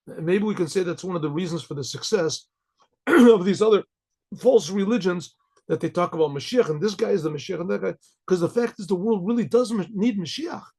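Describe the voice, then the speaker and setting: Raspy gravelly guy, a rabbi giving an informal torah class, stops and restarts a lot, keeps clearing his throat. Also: sits high, dark tone. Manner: halting, repeats words, often clears his throat.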